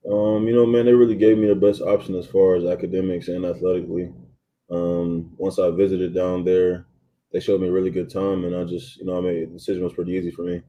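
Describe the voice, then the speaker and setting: A young man in his twenties, a college football player, giving relaxed interview answers full of ums and you-knows. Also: low-pitched, fast talker, lo-fi sound. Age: 20s. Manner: laid-back, many ums and you-knows. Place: athletes' training facility.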